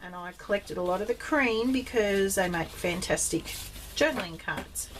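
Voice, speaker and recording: An Australian woman chatting casually in a rambling vlog about her craft finds, full of ums, with bursts of excitement. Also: medium pitch, normal speed, background noise. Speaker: craft vlogger.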